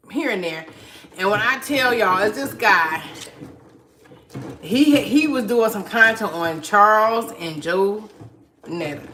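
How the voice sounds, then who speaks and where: A woman's voice: mid-range voice, sharp tone, poor audio. A woman, chatting casually on a livestream, laughing often and reading viewer comments aloud. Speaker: livestream host. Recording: clicking noise in background.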